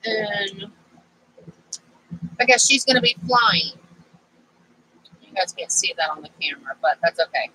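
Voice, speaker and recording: A woman's voice: medium pitch, animated, measured pace, long pauses, bright, forceful tone, a little hiss or hum, low-quality recording. A woman vlogging casually to camera as she works on a craft project, rambling and easily sidetracked.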